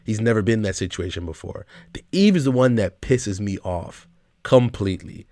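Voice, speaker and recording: A man's voice: fairly low pitch, normal speed, mellow, dry recording, studio quality. A man hosting a reaction video, talking back to the clip he watches in a casual, exasperated way and swearing often.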